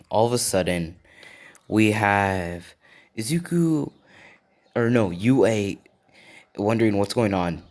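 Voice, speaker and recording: A man's voice: on the low side, darkish tone. A man casually narrating an improvised fan story, rambling with lots of fillers and asides to his viewers.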